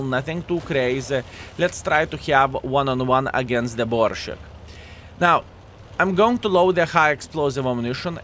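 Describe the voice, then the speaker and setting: A man talks over his own tank match in a chatty, joking way, calling his viewers fellas and acting out the enemies' thoughts in quick asides. His English sits in a middle pitch, and faint game noise runs under it. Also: a bit bright. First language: Lithuanian. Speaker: gameplay commentator. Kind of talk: game commentary.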